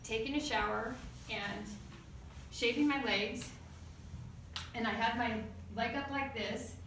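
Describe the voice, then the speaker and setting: A woman from the United States giving a storytelling speech at a club meeting, acting out a quarrel with sudden loud outbursts. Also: on the high side, slow, a little hiss or hum. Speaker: club speaker. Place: meeting room. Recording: echoey room from far off.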